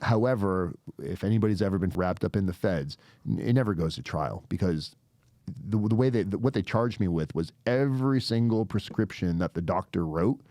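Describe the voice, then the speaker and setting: A man with a somewhat low voice recounts a personal story in casual, profane podcast talk. He is animated and jumps into the voices of the people in his story, and the sound is dry and close to the mic. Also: brisk, no room sound. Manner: animated, swears a lot, acts out quoted voices. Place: podcast studio.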